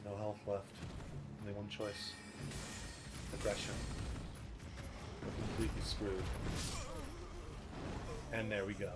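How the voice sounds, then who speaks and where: A man commentating his own gameplay on a stream, joking and swearing, with sudden loud outbursts. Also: on the low side, little pitch movement, slow, pauses often. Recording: game music behind the voice.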